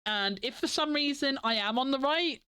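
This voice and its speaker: A woman's voice: high-pitched, moderate pace, bright, forceful tone, no echo. A young woman chatting casually on a livestream, rambling with many "like" fillers and frequent giggles. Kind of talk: casual chat stream.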